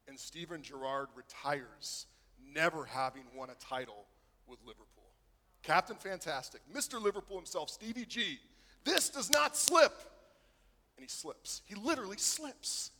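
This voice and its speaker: A man preaching a sermon, telling a story that swings from hushed to excited. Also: a little high, in a large hall. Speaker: pastor.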